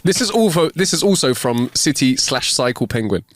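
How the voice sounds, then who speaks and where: A man co-hosting a comedy podcast, telling listener jokes in a giggly, expressive storytelling way. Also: mid-range voice, fairly quick. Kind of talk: casual comedy chat. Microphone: close studio mic.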